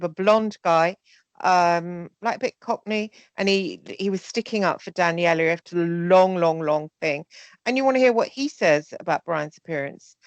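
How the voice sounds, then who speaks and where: A woman talking candidly in a casual conversation, animated and often acting out remarks in quoted voices. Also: mid-range voice, no room sound.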